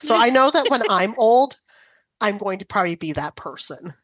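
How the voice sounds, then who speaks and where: A woman's voice: medium pitch, moderate pace, no echo, lo-fi sound. Chatty woman telling family stories. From Italian-American family. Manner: animated storytelling. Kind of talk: casual chat.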